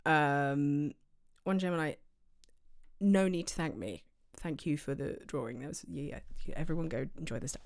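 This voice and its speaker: A woman's voice: deep voice, moderate pace. A woman streamer chatting casually from her home office, rambling with lots of fillers and tangents. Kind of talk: casual livestream chat.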